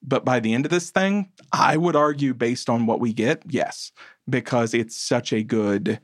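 A man's voice: medium pitch, a little slow, no room sound, clean studio sound. A man co-hosting a casual podcast, chatting enthusiastically as he reviews films. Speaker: podcast co-host. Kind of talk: casual chat.

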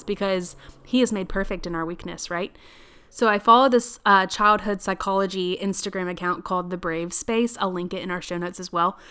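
A woman's voice: medium pitch, fairly bright tone, smooth. A young adult woman hosting a faith-based podcast, talking in an earnest, chatty way and laughing often. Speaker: podcast host. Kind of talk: casual faith-based talk.

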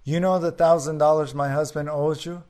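Male preacher putting on a shrill, bold wife in a joke; high and loud. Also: steady tone, normal speed, lightly acted. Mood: yelling. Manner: shouting out a window.

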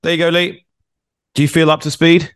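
A man hosting a racing podcast who interviews guests in a brisk, jokey and enthusiastic way. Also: on the high side, little pitch movement, smooth, no echo, clean studio sound. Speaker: podcast host. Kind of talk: interviewing and presenting.

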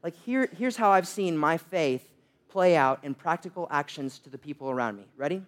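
A man's voice: fairly high pitch, normal speed. A young man preaching a sermon, telling humorous, self-deprecating stories. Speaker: pastor.

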